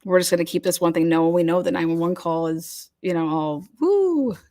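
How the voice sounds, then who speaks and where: A woman's voice: lowish voice, flat delivery, a little fast, warm tone. A woman hosting a casual livestream chat, talking loosely with many fillers and restarts as she reads comments. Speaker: host.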